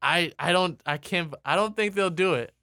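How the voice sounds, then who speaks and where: A man co-hosting a casual podcast, animated and often laughing as he chats. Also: high voice, dry recording, studio quality. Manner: animated, laughing, quick impressions. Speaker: podcast co-host. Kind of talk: casual wrestling podcast chat.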